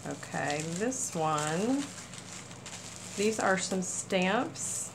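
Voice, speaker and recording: A woman hosting a casual crafting haul video, gushing with excitement over small items. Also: on the low side, very slow, creaky, noisy background. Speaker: crafting channel host. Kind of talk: casual haul chat to camera.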